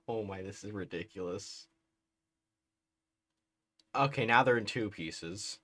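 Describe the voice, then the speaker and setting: Male streamer, low voice, unhurried bemused play-by-play. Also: pushed and bright. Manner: bemused, laughs often. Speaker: livestreamer playing a strategy game. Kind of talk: casual live commentary.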